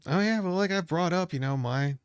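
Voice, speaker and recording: A man co-hosting a casual podcast chat, telling animated stories and mimicking accents. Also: high-pitched, a little fast, clean tone, no echo, studio quality. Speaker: podcast co-host.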